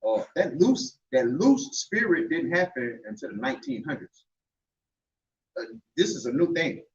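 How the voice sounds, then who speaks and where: Animated, emphatic man in an echoey room. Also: on the high side, moderate pace. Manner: emphatic, swears for emphasis, rises to near shouts. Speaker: elder in a religious group discussion. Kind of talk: animated group talk on scripture. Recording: far, echoey, dull-sounding room mic.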